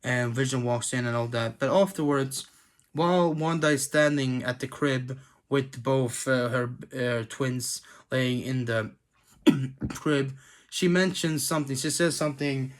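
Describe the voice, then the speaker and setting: A tired man talks through a TV episode in a loose, casual review. His voice sits at a mid pitch, and he stumbles through fillers and restarts, clearing his throat again and again. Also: unhurried.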